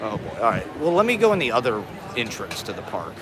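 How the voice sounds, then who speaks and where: A man's voice: lowish voice, wildly swooping pitch, a little fast. A stoned man live streaming from a city street on a phone, rambling and swearing, laughing often. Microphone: phone on a selfie stick. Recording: busy street traffic noise. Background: city traffic.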